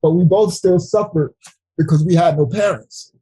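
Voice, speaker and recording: A middle-aged man from New York City tells his life story at a Bible study, earnest and halting, near tears. His voice sits a little high, husky and mellow. The sound is dry and close, with no room echo. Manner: earnest, halting, with frequent restarts. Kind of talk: emotional personal testimony in a Bible study.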